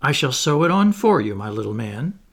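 Brief: courteous storybook girl, gently condescending, raised pitch, slight rasp, voiced by a male narrator. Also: big pitch swings, moderate pace. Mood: polite. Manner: courteous, nice, slightly patronizing. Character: polite, motherly little girl, a bit superior.

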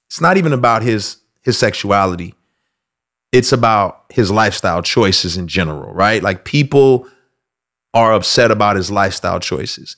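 Animated man with lively pitch. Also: normal speed. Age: adult. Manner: animated, acts out quoted voices with loud outbursts. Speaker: host. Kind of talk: casual commentary monologue.

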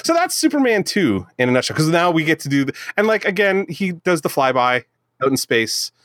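A man's voice: on the high side, big pitch swings, a little fast, a bit bright, dry recording. Sarcastic guy rambling about a movie, swears a lot, dry close sound. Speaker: podcast co-host. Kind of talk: casual movie review chat.

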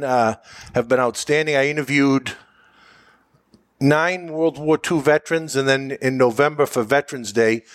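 A middle-aged man speaking at a middle pitch, unhurried and measured, sprinkling his stories with "uh". The sound is dry and close, with no room around it. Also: no room sound. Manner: measured, pausing often with "uh". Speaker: veteran guest and interviewer of veterans. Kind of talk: relaxed interview answers, storytelling.

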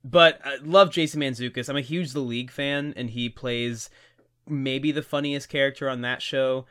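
A man co-hosting a casual podcast, talking as an animated, gushing fan of the show. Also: mid-range voice, moderate pace, clear, resonant tone. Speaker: podcast co-host.

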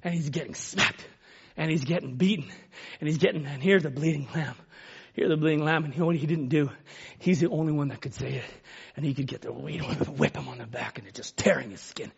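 A male preacher delivering an emotional sermon, swinging from loud exclamations to hushed near-whispers. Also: on the high side, brisk, creaky, husky, muffled recording.

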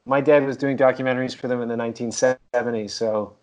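A man's voice: medium pitch, fairly even intonation, fast talker, darkish tone, low-quality recording. Wry podcast host, conversational man. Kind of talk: casual interview chat.

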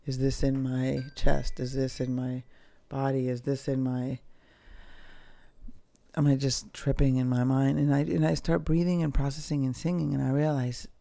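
Candid podcast host, reflective personal talk; mellow, gravelly, close and dry. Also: medium pitch, no echo. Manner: candid, casual, swears freely; slow, pausing delivery with fillers.

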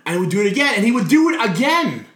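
A man being interviewed, telling stories in a lively way, swearing freely and laughing as he talks. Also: high-pitched, fast talker. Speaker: guest wrestler. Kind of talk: casual interview storytelling. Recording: roomy echo.

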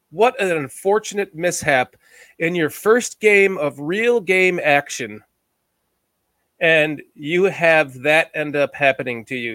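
An American man hosting a sports podcast, rambling through his thoughts and poking fun at himself. His voice sits a touch high. The recording is dry and close, with no room sound. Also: fairly bright tone, no room sound. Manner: chatty, rambling, self-deprecating. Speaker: podcast host. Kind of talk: casual sports podcast talk.

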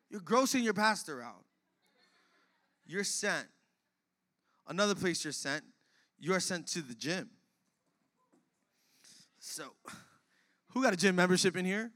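Young male pastor, high ringing voice, animated sermon full of acted-out street-talk scenes. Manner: animated, acts out little scenes in casual slang. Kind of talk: energetic sermon.

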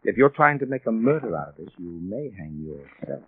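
An actor playing a calm, probing police investigator in a vintage radio drama, pressing with measured questions. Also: male voice, on the low side, slightly rough, no room sound. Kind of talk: 1940s radio acting. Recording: tinny old radio broadcast with faint hiss.

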